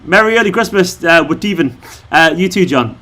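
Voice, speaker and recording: Mancunian bloke on a live stream, bit tipsy, jokey, reads out the chat, slightly high voice. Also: male voice, lively intonation, fairly quick, bright, forceful tone. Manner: jokey, reads viewer comments aloud. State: a little drunk. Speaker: fan channel host.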